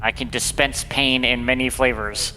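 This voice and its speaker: A man's voice: medium pitch, fairly even intonation, normal speed, sharp tone, slight background noise, rough recording. A man chatting as a teammate in a mech game, wryly boasting about his loadout. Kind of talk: casual gaming chat.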